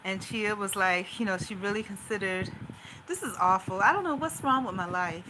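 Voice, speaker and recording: A woman's voice: medium pitch, normal speed, noisy background. A woman vlogger venting in a loose, rambling personal monologue, anxious and talking things through in run-on asides.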